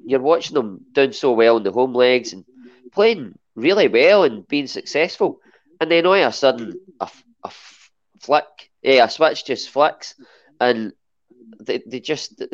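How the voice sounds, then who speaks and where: A man's voice: medium pitch, highs cut off. A Scottish man chatting as a podcast guest, hesitant and full of restarts. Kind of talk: casual chat.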